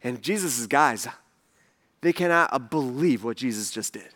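A man's voice: medium pitch, animated, measured pace, a bit bright. A man preaching a sermon in a conversational way, asking the audience questions and building to emphatic passages. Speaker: pastor.

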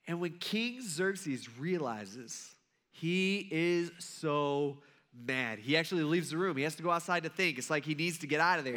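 Bright-voiced, joking male pastor. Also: high voice. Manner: conversational, humorous storytelling. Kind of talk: sermon.

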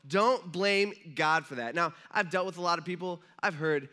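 A man's voice: high voice, moderate pace, pushed and bright. A man, a pastor, giving a conversational, joking sermon in a church and asking the audience questions.

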